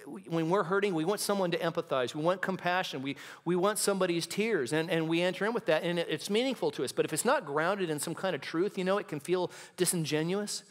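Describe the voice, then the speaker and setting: A male pastor preaching a sermon in a church, impassioned and building to dramatic intensity. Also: on the high side. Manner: acts out quoted lines in hushed and shouting voices. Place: church sanctuary.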